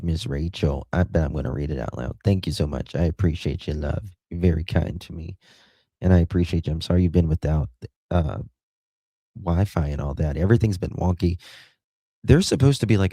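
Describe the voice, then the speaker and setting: This American guy running a livestream talks briskly in a deep, dark, slightly rough voice, recorded dry. Reading through viewer comments in a casual chat, he thanks people by name, laughs frequently, and sounds fond of his audience.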